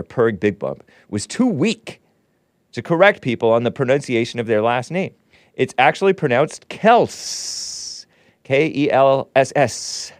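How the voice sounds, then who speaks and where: A man's voice: medium pitch, no echo. A man hosting a livestream show, talking in a rambling, sardonic way with chuckling asides from his studio. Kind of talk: casual commentary. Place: home studio.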